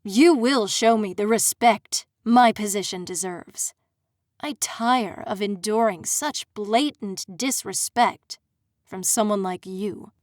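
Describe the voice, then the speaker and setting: Woman voicing a menacing male fae prince, slow taunting drawl, slightly lowered voice, dry close audiobook sound. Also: no echo, natural voice. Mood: condescending.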